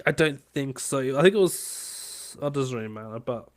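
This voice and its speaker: A man co-hosting a casual podcast with a friend. He speaks at a middling pitch in an easygoing, offhand way. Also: lively intonation, normal speed. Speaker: podcast co-host. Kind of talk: casual chat.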